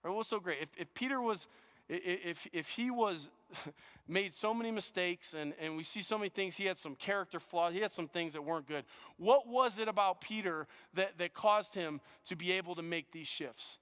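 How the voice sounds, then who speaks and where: A male pastor preaches with earnest urgency, his voice sitting a little high for a man. He trips over words and repeats them as he restarts thoughts. A long reverb from the church hall trails behind every phrase. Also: fairly quick, fairly bright tone, clean tone. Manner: earnest, with frequent stammered restarts and repetitions. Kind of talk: sermon. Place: church auditorium.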